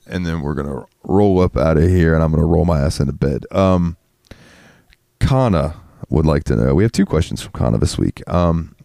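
A low-voiced man co-hosting a podcast, rambling loosely and crudely and laughing often. He sounds a bit stoned. The recording is dry and close. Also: creaky, warm tone, dry recording. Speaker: podcast co-host. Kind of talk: casual chat.

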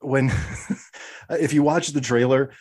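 A man co-hosting a casual podcast chat, talking thoughtfully and building to excited emphasis. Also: medium pitch, takes it slowly. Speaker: podcast co-host.

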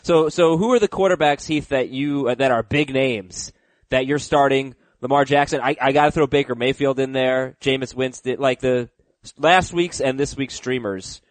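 A man's voice: mid-range voice, normal speed, no echo. A man hosting a fantasy football podcast, chatting casually, thinking aloud with fillers and joking asides. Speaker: podcast host. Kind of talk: casual sports chat.

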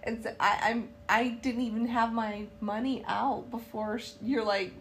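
A woman's voice: fairly high pitch, a little slow, hardly any pauses. A woman from North Carolina, co-hosting a casual podcast and telling a travel story with lots of laughter and acted-out quotes. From Charlotte, North Carolina, USA. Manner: animated storyteller, acts out quotes, laughs often. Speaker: podcast co-host. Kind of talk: casual travel recap chat.

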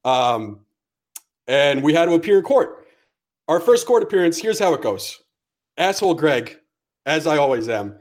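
A man's voice: fairly high pitch, very animated, moderate pace, pauses often, darkish tone. A man on a podcast telling a long, profane story and acting out each person's lines. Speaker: podcast co-host. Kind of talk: casual storytelling.

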